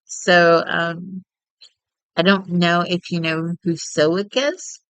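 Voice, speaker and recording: A woman's voice: lowish voice, steady tone, slow, a bit bright, clear, resonant tone, no echo, rough recording. A woman, chatting casually and at length as a streamer while she plays a game. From Texas. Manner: chatty and rambling, with frequent laughter.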